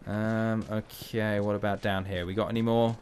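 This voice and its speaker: A man's voice: fairly low pitch, flat delivery, moderate pace, a little mellow, a little hiss or hum. A man giving playful, chatty let's play commentary, joking to himself as he plays. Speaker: gamer.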